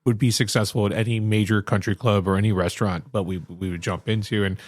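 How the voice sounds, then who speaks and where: A middle-aged man, a chef and restaurant owner, talking casually in an interview, self-assured but halting with many restarts. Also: fairly low pitch, steady tone, no echo.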